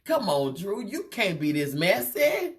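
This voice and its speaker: A woman's voice: medium pitch, very animated, a little slow. A woman hosting a live gossip show, teasing and laughing often, repeating phrases and calling out "child" and "baby" as she comments. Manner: repeats and draws out phrases for effect.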